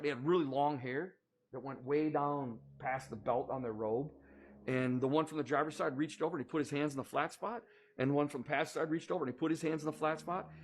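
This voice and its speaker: A man gives earnest, measured testimony about a personal near-death experience. His voice is at an ordinary middle pitch, and he pauses often to find the right words.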